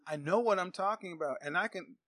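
A man's voice: high-pitched, fast, bright, forceful tone, dry recording. A man in a heated debate on a talk show, arguing and mocking his opponent. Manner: argumentative, mocking.

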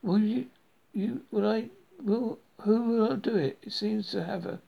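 A man doing a shrill Irish auntie. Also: sing-song, normal speed, creaky, husky, narrow, tinny audio, exaggerated voice. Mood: fretful. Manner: shrill screeching nagging. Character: fussy worried middle-aged Irish aunt.

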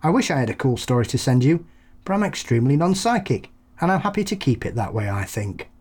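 A man's voice: mid-range voice, big pitch swings, quick pace, darkish tone, husky. A man co-hosting a podcast, chatting casually with jokey, rambling anecdotes. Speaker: podcast co-host. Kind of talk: casual chat.

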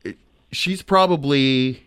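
A chatty male host keeps things loose and casual, working through his thoughts out loud. His voice sits at an ordinary pitch and is recorded dry and close, with no room echo. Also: takes it slowly, smooth. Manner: loose, swears, trails off and restarts. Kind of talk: casual interview chat.

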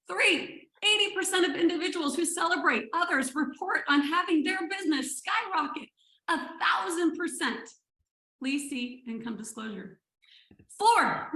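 A woman leading a motivational training call for health coaches, energetic, playful and emphatic. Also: sits high, reverberant, poor audio.

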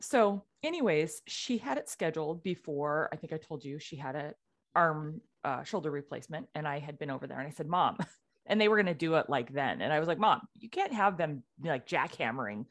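A podcast co-host with a deep voice talks briskly, telling a story in casual chat and animatedly acting out the quotes.

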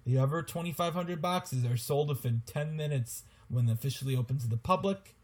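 A young man co-hosts a casual podcast, his voice sitting a little high for a man. He jokes and laughs often, bouncing through the chat with animated energy. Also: fairly quick. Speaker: podcast co-host.

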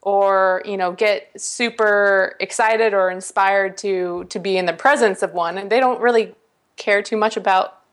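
Brief: woman, podcast guest, rambling chatty delivery, mid-pitched. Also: fairly even intonation, measured pace. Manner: chatty, many fillers and restarts. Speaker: guest, Olympic rower. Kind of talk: casual podcast interview.

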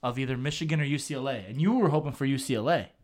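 A man co-hosting a casual podcast chat, relaxed and full of slang and casual swearing. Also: medium pitch, very fast. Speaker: podcast co-host.

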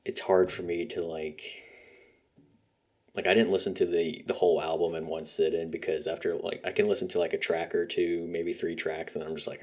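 Speaking briskly in a deep, darkish voice with flat delivery, a young podcast host rambles about music. He's casual and profane and keeps using fillers.

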